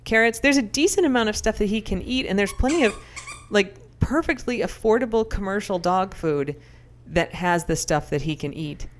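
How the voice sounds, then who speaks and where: A young adult woman co-hosting a podcast, telling stories in animated, casual chat full of fillers. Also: medium pitch, normal speed, hardly any pauses. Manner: animated, chatty storyteller with many fillers. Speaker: podcast co-host.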